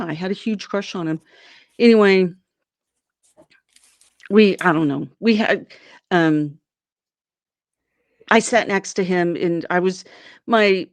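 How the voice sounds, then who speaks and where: A woman's voice: on the low side, dry recording. A woman from Arizona, a guest in an interview, telling a personal story and acting out what people said in a raised voice. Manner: animated, acts out quoted people in a raised voice.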